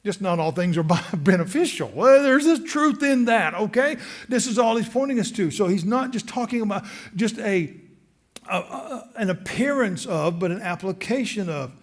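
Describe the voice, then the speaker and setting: High-voiced Southern preacher, animated delivery. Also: male voice, normal speed. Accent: Southern American. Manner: animated, acts out voices of the crowd. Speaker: pastor. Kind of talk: sermon. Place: church sanctuary.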